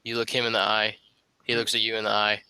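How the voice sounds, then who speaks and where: A man's voice: lowish voice, monotone, fast, heavy background noise. A man narrating as game master of a tabletop game, describing the scene with lots of fillers.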